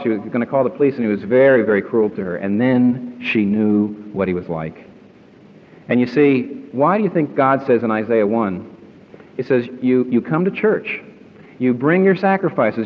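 Man preaching a sermon in a hall. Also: mid-range voice. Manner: emphatic, asks the audience questions. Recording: muffled recording in a reverberant hall.

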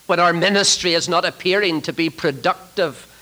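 A man preaching a sermon to trainee ministers, swinging from loud emphatic declarations to hushed, near-whispered lines. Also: high-pitched, moderate pace, poor audio.

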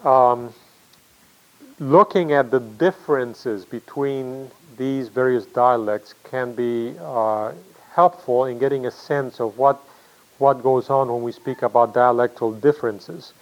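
Man lecturing, lots of pauses and fillers. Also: mid-range voice, steady tone, highs cut off. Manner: thinking aloud with many fillers and restarts; explanatory, asks himself questions. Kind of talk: classroom lecture.

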